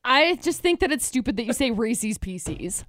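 Animated high-voiced woman chatting. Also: normal speed. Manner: animated, gushing, frequent "like". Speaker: podcast co-host. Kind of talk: casual chat.

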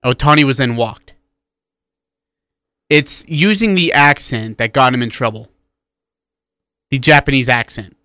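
Man, sports radio co-host, bright crisp voice, opinionated, dry studio. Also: mid-range voice, a little slow, pauses often, no echo. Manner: animated, opinionated. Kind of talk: casual sports talk.

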